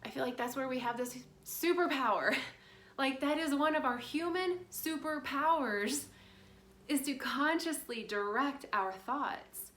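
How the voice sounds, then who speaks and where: A woman's voice: on the high side, bright, forceful tone. A woman giving a casual spiritual talk, chatty and rambling, full of fillers. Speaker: spiritual guide. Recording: roomy with faint background noise.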